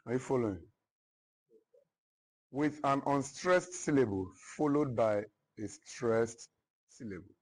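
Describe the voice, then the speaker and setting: Slow, husky male literature teacher. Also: mid-range voice, poor audio. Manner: slow, repetitive, checks understanding often. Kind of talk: classroom lecture.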